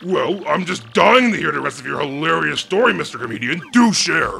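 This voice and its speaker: A man voicing a gruff, bossy turtle king villain from a video game, sarcastic and blustering, over faint game music. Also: fairly high pitch, sing-song, brisk, sharp tone, exaggerated voice.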